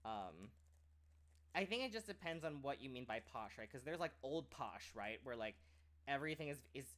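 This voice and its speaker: A man's voice: medium pitch, big pitch swings, normal speed, fairly bright tone. A man who streams and trains as a voice actor, chatting casually and rambling, with many "like" fillers and restarts. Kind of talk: casual chat.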